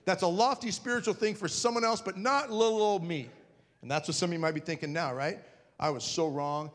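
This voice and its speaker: A man giving a conference talk to an audience, telling a funny personal story in an animated, self-mocking way and acting out scenes. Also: high-pitched, a little fast. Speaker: conference speaker. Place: large parish hall with an audience. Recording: reverberant hall.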